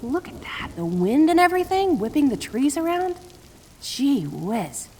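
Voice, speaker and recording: A young woman voicing a playful, protective female kitsune friend in an audio role-play, teasing and cheerful with a soft, reassuring side. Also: sits high, sing-song, unhurried.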